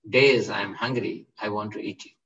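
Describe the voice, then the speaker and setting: A man's voice: lowish voice, fairly even intonation, brisk, a bit bright, slightly rough. A man voicing a hungry, impatient male tiger in a told story, blunt and demanding. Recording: distant dull lo-fi.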